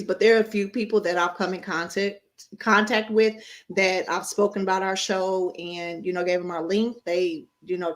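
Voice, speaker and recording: A woman co-hosting a casual live-stream chat, relaxed and slangy, pausing to search for words. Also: medium pitch. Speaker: co-host.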